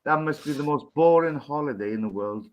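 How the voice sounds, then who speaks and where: A man's voice: a little high, expressive, fairly quick, low-quality recording. English man, podcast co-host, crude pub humour, chatty joke-teller. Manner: swears freely, rambling joke-teller. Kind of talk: casual pub-style banter, telling jokes.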